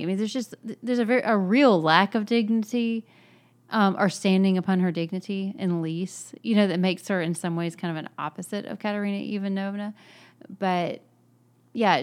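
A woman co-hosting a podcast, chatting casually about a novel's characters. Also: medium pitch. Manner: chatty, acts out quoted characters. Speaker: podcast co-host. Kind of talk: casual book discussion.

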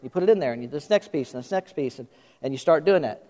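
High-voiced middle-aged pastor preaching. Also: male voice, expressive, quick pace, a little mellow. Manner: conversational, addresses congregation directly. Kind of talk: sermon. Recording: long hall reverb.

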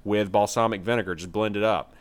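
A man co-hosting a casual podcast, chatty and quick to laugh. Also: lowish voice. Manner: animated, laughs often. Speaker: podcast co-host. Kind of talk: casual chat.

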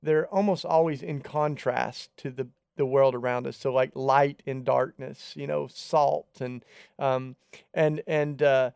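Gravelly man co-hosting a faith podcast. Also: medium pitch, steady tone, measured pace, darkish tone, no echo, studio quality. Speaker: podcast co-host. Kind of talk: casual faith discussion.

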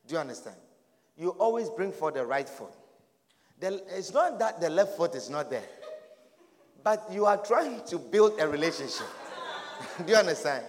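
A man preaching a lively sermon as pastor, laughing and shouting as he acts out people's words. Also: on the high side, normal speed, pauses often. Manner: animated, often laughing and shouting, acts out quoted voices. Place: church hall. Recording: echoey hall with crowd. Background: congregation.

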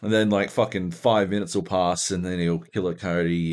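A man co-hosting a casual gaming podcast, telling profane, animated stories about multiplayer sessions. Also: low-pitched, normal speed. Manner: profane, animated storytelling with lively put-on voices. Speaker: podcast co-host.

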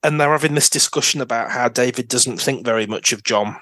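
British male podcast guest, keen and inquisitive, average pitch, dry recording. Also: brisk, sharp tone, no room sound. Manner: eager, asks questions, shares geeky detail. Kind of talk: casual chat about TV dramas.

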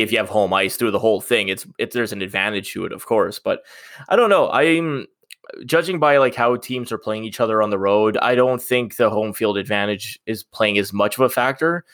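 A man's voice: fairly low pitch, fairly bright tone, no echo, clean studio sound. A young man co-hosting a casual sports chat, rambling and hesitant with frequent laughs. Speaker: podcast co-host.

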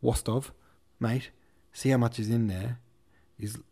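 A man's voice: mid-range voice, steady tone, a little slow, warm tone, slightly rough. A man voicing a hot-tempered, swearing young cavalry officer who cannot pronounce his R's. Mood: blustering. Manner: blustering, swearing.

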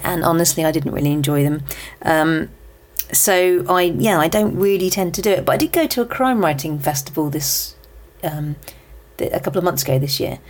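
A woman hosts her podcast and chats informally through her favourite books. Her voice sits a little low, and she talks in a loose, friendly way, often pausing on "um" and restarting her sentences. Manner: chatty, with many ums and restarts. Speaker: podcast host. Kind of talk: casual book recommendations.

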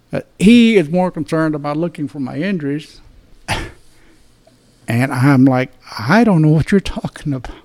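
Gravelly older man telling a story. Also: fairly high pitch, darkish tone. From Dallas, Texas. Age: 70s. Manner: plain-spoken, profane, restarts and repeats words. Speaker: retired police detective. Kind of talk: storytelling in an interview.

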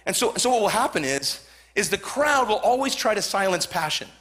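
Male pastor in his forties, Southern Californian accent, high bright voice, fervent sermon delivery with repeated lines. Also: very animated, a little fast. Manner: fervent, repetitive, rising to shouts.

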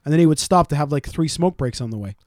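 A podcast co-host trades quick, profane and sarcastic stories in a casual chat, mimicking the voices of the people involved. His voice is on the high side with lively intonation, recorded in clean studio sound with no echo.

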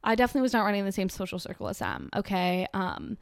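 A woman's voice: mid-range voice, sing-song, fast, creaky, dry recording. Young woman ranting on a podcast, sarcastic and rambly, dry close sound. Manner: sarcastic, rambling, filler-heavy. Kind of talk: casual ranting monologue.

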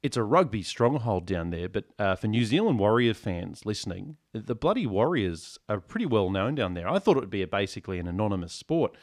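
Dry-joking man, lowish voice. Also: very animated, brisk, few pauses. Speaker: podcast co-host. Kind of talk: casual comedic chat.

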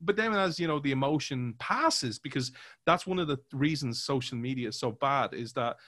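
Male podcast co-host, animated casual talker, mid pitch, dry booth. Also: moderate pace, no echo. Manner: animated, acts out quoted voices, many fillers. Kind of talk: casual conversational commentary.

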